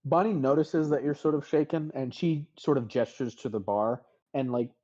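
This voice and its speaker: A man's voice: medium pitch, normal speed, mellow. A man narrating a tabletop game as game master, casual and full of fillers, on slightly dull audio.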